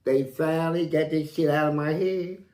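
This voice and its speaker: A man's voice: moderate pace, echoey room. A man, a guest in an interview, tells stories in profane street slang and acts out the voices in them. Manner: animated, acts out quotes with big jumps in pitch. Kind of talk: storytelling in an interview.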